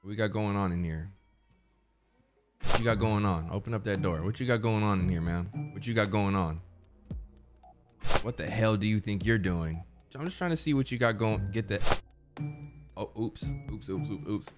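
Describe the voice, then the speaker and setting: Streaming a game, this young man chats casually and full of slang, constantly saying "bro" while reading in-game dialogue aloud in rambling commentary. He speaks on the low side at a moderate pace, pausing often, with music in the background.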